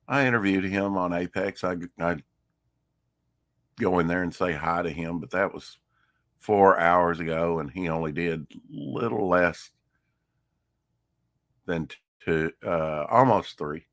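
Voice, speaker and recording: Deep, slow-talking man streaming. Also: fairly bright tone, no room sound. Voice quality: deep low voice. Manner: laid-back, croons and hums between remarks. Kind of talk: casual morning stream chat.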